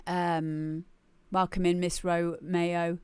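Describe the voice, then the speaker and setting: A woman's voice: on the low side, level tone, takes it slowly, darkish tone, clear, resonant tone, dry recording. A woman talking casually on a live stream, chatty and repeating herself as she gives feedback on music. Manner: chatty, restarts and repeats words often.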